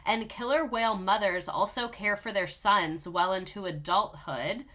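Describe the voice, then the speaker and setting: Bright-voiced sarcastic young woman vlogger. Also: medium pitch, normal speed. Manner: sarcastic, emotional, swears casually. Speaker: video host. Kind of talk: casual commentary over clips.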